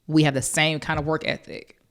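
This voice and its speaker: A woman's voice: low-pitched, flat delivery, brisk. A woman from Georgia, a podcast guest, telling an emotional personal story with heartfelt intensity. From Georgia, USA. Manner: heartfelt, quotes others in a softer voice.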